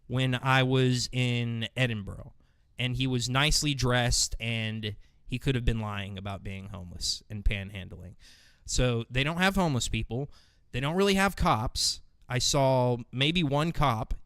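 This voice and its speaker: A young American man rambling through a casual show of his own, swearing freely and tripping over plenty of fillers. His voice comes through smooth and resonant, at an ordinary middle pitch. The sound is dry and close. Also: fairly bright tone, no room sound. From United States. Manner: loose and profane, many fillers. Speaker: podcast host. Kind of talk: casual monologue.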